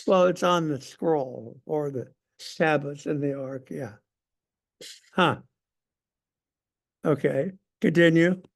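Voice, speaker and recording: Gravelly-voiced man teaching a church class. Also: a little high, slow, pauses often. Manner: conversational, emphatic, asks the class questions. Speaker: Sunday school teacher.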